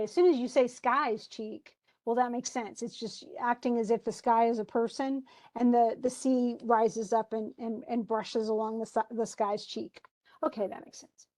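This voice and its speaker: A woman's voice: a little high, dark tone. A woman teacher giving an informal, chatty lesson. She digresses and paraphrases old text into plain everyday words. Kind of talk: informal lesson explaining a play.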